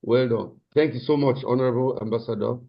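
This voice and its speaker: A man's voice: medium pitch, fairly even intonation, a little fast, vocal fry. A man moderating an online meeting, giving effusive, stammering praise and thanks. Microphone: video call. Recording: dull lo-fi video call audio.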